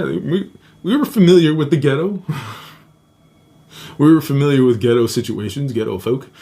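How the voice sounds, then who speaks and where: Young adult man, podcast host, casual storytelling, swears a lot, laughs often, jumps up high for quoted lines, middle pitch. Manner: profane, animated, laughs often, acts out quotes in high voices.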